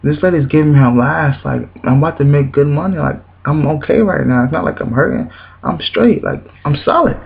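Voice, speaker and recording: A young man vlogging, telling a personal church story with emotion, animated and repetitive, his voice leaping high when he quotes people. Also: quick pace, creaky, few pauses, narrow, tinny audio. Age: young adult.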